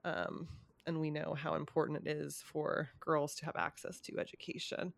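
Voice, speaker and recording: A woman's voice: sits low, flat delivery, moderate pace, gravelly, no echo. A young woman in a casual conversation about current events, hesitant with many ums and small laughs.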